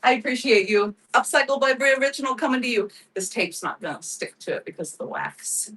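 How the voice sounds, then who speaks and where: A woman's voice: fairly high pitch, animated, fairly quick, a bit bright, breathy edge, far from the mic, low-quality recording. Chatty woman hosting a craft livestream. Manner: chatty, laughs often, thanks viewers by name. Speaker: live-selling crafts host. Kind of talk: casual livestream chat.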